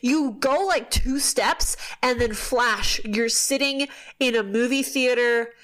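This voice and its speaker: A woman with a slightly high voice hosts a casual podcast. She retells a story animatedly, tossing in quick asides and the occasional swear. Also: fairly bright tone. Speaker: podcast host. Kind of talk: casual chat recapping a book.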